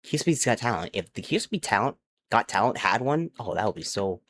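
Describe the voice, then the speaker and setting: A man's voice: on the low side, very animated, quick pace, fairly bright tone. A young man streaming from home on a desk mic, rambling casually to his chat while he builds in a game. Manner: rambling and chatty, talks to chat, counts aloud under his breath. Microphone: desk mic with headphone monitoring.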